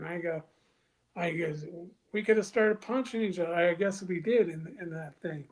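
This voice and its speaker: A man guest on a podcast, telling a story casually and acting out other people's lines in a louder voice, with some profanity. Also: high voice, normal speed. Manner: animated, acts out quoted dialogue with raised voice; crude, profane.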